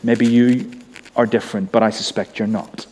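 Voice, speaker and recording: A man with a softened Northern Irish accent preaching a sermon in a conversational way, with humorous asides. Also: lowish voice, flat delivery, moderate pace, long reverb tail, slight background noise. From Northern Ireland.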